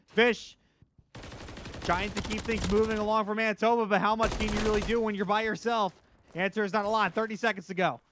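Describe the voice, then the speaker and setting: Caster: man, high-pitched, excitable play-by-play over loud gunfire from the game. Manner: fast, excitable, rising in big moments. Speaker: esports caster. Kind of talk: play-by-play commentary. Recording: noisy game audio behind.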